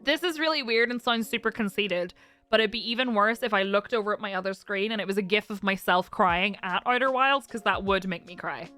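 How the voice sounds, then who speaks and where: A woman's voice: mid-range voice, brisk, bright, forceful tone, soft background music. A woman streamer chatting casually with her audience, emotional and close to tears, laughing often as she reads chat aloud. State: teary, close to crying.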